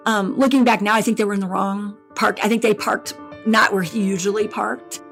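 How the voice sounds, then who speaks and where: A middle-aged woman telling a painful personal story in a podcast interview, halting and emotional, with restarts and repetition. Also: medium pitch, fairly even intonation, gravelly, fairly bright tone, faint music behind. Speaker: bereaved mother guest.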